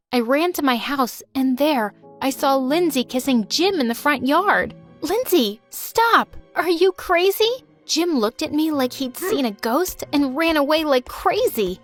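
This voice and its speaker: A woman narrating a first-person storytime in a dramatic, emotional way and voicing the other people in it. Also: high voice.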